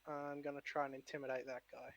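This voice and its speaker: A man's voice: medium pitch, flat delivery, fast talker, a bit bright. A man playing in a tabletop game, talking casually and a little hesitantly. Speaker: player.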